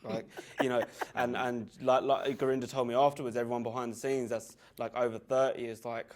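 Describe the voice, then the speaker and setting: A man's voice: mid-range voice, flat delivery, fairly quick, darkish tone. A young man, an actor in an interview, joking and rambling with laughs. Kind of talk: casual interview chat.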